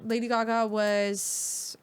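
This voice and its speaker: A woman's voice: a little high, little pitch movement, slow pace, clean tone. A woman in her thirties, a singer guest on a podcast, chatting casually and telling stories with lots of fillers and restarts. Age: 30s.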